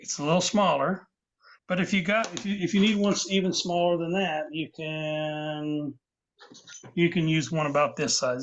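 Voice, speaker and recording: A man with a slightly high voice walks his students through a carving, one patient step at a time. The sound is a dull, lo-fi video call feed. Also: a bit bright. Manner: patient, step-by-step explaining with asides. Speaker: woodcarving instructor. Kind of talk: live online class demonstration.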